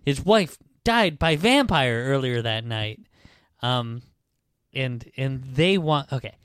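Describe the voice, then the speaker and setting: A man's voice: medium pitch, animated, a bit bright, clear, resonant tone, no room sound, clean studio sound. A man hosting a podcast, casually retelling a book's plot in a loose, rambling way with some swearing. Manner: rambling, profane retelling with quick put-on character voices. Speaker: podcast host. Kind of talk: casual book-recap chat.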